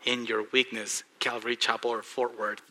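A male pastor with a Texan accent delivers a sermon in a very bright, sharp voice. He is impassioned, dropping to hushed, earnest lines and then rising to loud, excited bursts. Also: mid-range voice, moderate pace.

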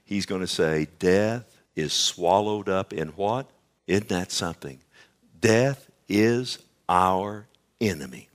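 A man preaching a sermon, swinging from hushed asides to loud, emphatic bursts and often checking in with the congregation. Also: deep voice, animated, slow.

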